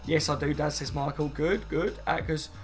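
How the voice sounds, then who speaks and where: A man's voice: fairly high pitch, fairly even intonation, moderate pace, faint music behind. A man chatting casually on a live stream, rambling and reading viewer comments aloud, saying "mate" and "you know what I mean" often. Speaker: football fan streamer.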